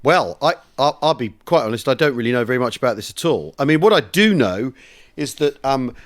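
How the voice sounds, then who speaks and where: A man's voice: medium pitch, animated, a little fast. A man co-hosting a casual history podcast, reading a listener's letter aloud with relish and chatting. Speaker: podcast co-host.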